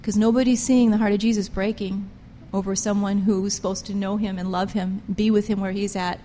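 A woman preaching a sermon with passion, pressing her points hard and swinging between loud emphasis and quiet intensity. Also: medium pitch, little pitch movement, a little fast, big-room sound, slight background noise. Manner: impassioned, emphatic, rises and drops sharply in loudness.

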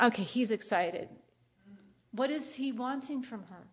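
A woman preacher giving a sermon in a playful, animated way. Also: on the high side, unhurried, long pauses, breathy edge, highs cut off. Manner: playful and animated, often laughing and acting out quoted lines.

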